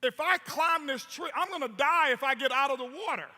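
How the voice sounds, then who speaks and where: A man's voice: extremely high pitch, fairly quick, sharp tone, full character voice. A man voicing a worried male fish from a fable, pleading his objection. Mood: alarmed. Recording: long hall reverb.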